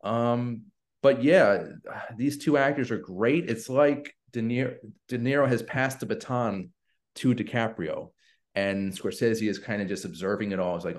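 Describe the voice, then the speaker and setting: A man hosting a casual film podcast. He talks with enthusiasm, recommends movies and fills his pauses with "uh". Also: mid-range voice.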